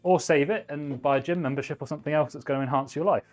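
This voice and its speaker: A man's voice: a little high, quick pace, faint music behind. A man hosting a live stream, chatting casually and giving blunt hardware advice while he works on a build. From United Kingdom. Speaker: livestream host, PC builder.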